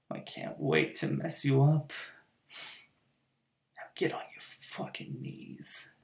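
A teasing, domineering girlfriend, as a woman acts her out in an adult audio role-play. Her gravelly voice purrs and murmurs, often sinking to a whisper between low chuckles, and she speaks slowly. The room around her rings with echo. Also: heavily acted. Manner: teasing, purring, drops into soft whispers, frequent low laughs.

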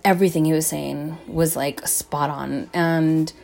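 A woman's voice: deep voice, fairly even intonation, a little slow, creaky, darkish tone, faint music behind. A young woman vlogger telling a story to her viewers in a casual, rambling way, swearing often and filling gaps with "like" and "um". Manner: rambling, profane, lots of "like" and "um".

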